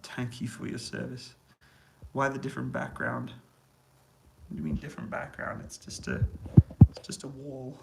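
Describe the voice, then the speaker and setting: A man with a noticeably gravelly, fry-tinged voice chats casually with his viewers during a live stream. He reads their comments aloud and answers in a relaxed, easygoing way, laughing often, from a small indoor room in army accommodation. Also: mid-range voice, unhurried, slight background noise, poor audio. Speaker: YouTuber answering live chat.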